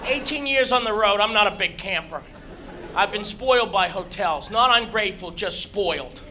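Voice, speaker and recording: High-voiced man doing stand-up comedy. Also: normal speed, slight background noise. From Massachusetts, USA. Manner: animated storytelling with shouted squeals and acted-out voices. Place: comedy club stage. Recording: live club recording with crowd. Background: audience laughter.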